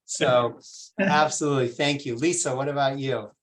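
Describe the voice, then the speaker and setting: A rabbi leads a casual, conversational Torah class, patiently posing questions to the group. His mid-range voice moves at normal speed, and his informal speech is full of fillers and restarts.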